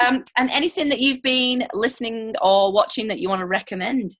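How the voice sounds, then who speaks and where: A woman in her thirties with a northern English accent, hosting a casual remote podcast interview, chatty and quick with asides. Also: a little high, fairly bright tone. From northern England. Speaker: podcast host.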